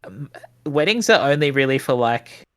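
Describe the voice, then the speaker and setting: A young man with a mid-pitched voice talks casually with a friend during a game. He is relaxed, trailing off and repeating words as he works out what to say. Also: moderate pace. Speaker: streamer's teammate. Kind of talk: casual chat while gaming.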